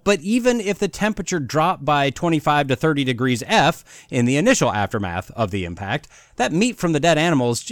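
A man's voice: a little high, no echo, clean studio sound. A man hosting a podcast, sarcastically mocking an article as he reads quotes from it aloud. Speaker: podcast host.

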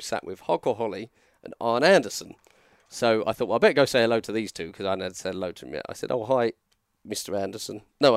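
A man's voice: fairly low pitch, smooth, dry recording, clean studio sound. A man, telling a wrestling story on a podcast in a rambling, self-mocking way. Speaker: podcast co-host, former wrestler. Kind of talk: casual storytelling chat.

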